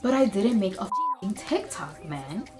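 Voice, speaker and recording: A young woman speaks straight to her viewers in a loose, confessional vlog style. Her voice sits at an ordinary middle pitch, and she drifts between thoughtful asides and bursts of excitement. Soft music plays faintly behind her. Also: unhurried. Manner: candid, chatty, swings between reflective and excited. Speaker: beauty and lifestyle creator. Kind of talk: casual vlog monologue.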